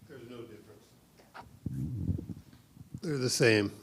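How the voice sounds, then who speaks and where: A man in a church audience giving short, flat answers from far off the mic. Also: medium pitch, slow, slight background noise. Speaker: congregation member.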